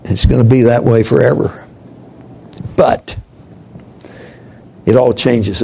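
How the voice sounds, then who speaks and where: A man preaching a sermon in a slow, reflective way, dropping to a hush on key points. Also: mid-range voice, steady tone, gravelly, a little hiss or hum, poor audio.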